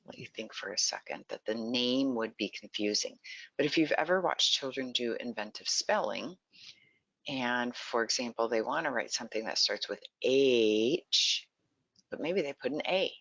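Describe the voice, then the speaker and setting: A presenter walks listeners through early literacy in an online webinar, keeping the tone bright and forceful. The delivery is patient and explanatory, with frequent questions to the audience. The sound is dry and close, a little dull and lo-fi. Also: mid-range voice, moderate pace, no room sound. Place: lives in Texas.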